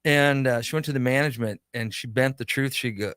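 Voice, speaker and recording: A man's voice: medium pitch, fairly quick, smooth, no room sound, clean studio sound. A middle-aged man, a pop culture shop owner, telling a long story in a casual radio conversation and acting out the quotes. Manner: animated anecdote teller, acts out quotes.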